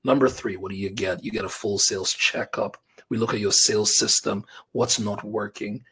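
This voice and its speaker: Energetic man hosting a webinar. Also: fairly low pitch, moderate pace, husky. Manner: energetic, conversational, talks directly to viewers with slang like bro and fam. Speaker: business coach hosting a live webinar. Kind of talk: live webinar pitch.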